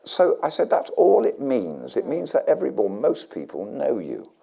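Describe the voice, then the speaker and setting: A man's voice: mid-range voice, wildly swooping pitch, moderate pace, gravelly, mellow, husky. An older man from England, guest at a stage interview, telling rambling anecdotes with restarts and dry humour. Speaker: guest actor. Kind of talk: storytelling on stage. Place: community centre hall with live audience.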